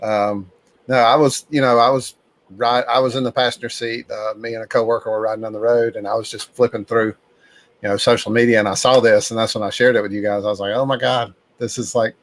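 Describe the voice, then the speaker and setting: Excitable co-host man, dry sound. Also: mid-range voice, fairly quick, dry recording. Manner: excited, chatty, laughs often. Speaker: podcast co-host. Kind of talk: casual chat.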